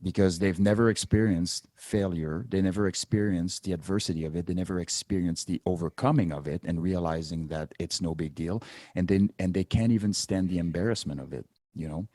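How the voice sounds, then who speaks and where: A man's voice: low-pitched, fairly quick, hardly any pauses, mellow, no echo, clean studio sound. A man speaking as a podcast guest in a casual conversation, earnest and reflective. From Canada.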